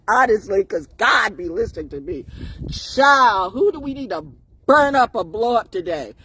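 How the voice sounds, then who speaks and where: A woman's voice: medium pitch, big pitch swings, moderate pace, pushed and bright, husky. A woman talking on a live stream in a rambling, preachy monologue, riffing with laughs and bursts of song.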